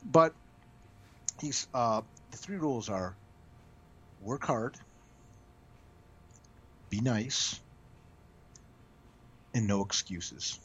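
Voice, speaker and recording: Animated man telling stories, dull sound. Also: mid-range voice, drawn-out words, pauses often, a little hiss or hum. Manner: animated, frequent restarts and stammered repeats. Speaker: comic book writer, guest. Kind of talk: casual interview storytelling. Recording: dull lo-fi audio.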